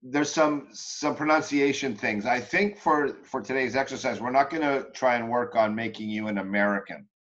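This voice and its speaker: A man coaching an acting student, talking in a relaxed, chatty way with frequent restarts. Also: medium pitch, moderate pace, hardly any pauses. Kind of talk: coaching session. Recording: dull lo-fi audio.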